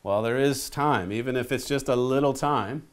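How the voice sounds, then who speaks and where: An earnest male preacher delivering a Bible sermon, his voice sitting at an ordinary pitch. He reads verses aloud in a measured way, then presses his listeners with growing urgency. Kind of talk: sermon-style Bible teaching.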